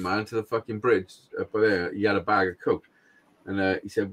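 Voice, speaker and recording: A middle-aged man, talking in a low-set voice. He rambles through a casual story on a podcast, blunt and full of swearing, laughing here and there. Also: brisk, a bit bright. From Wales. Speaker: podcast co-host.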